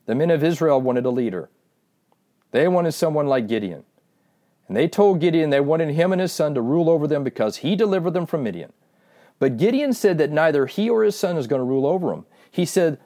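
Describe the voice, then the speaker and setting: A man preaching a sermon, retelling a Bible story in an animated way, slowing down for emphasis and speaking straight to his listeners. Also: fairly high pitch.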